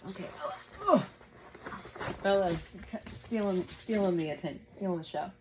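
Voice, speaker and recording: A woman in her thirties teaching a gentle yoga class at home, guiding breaths patiently and encouragingly. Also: lowish voice, moderate pace, noisy background.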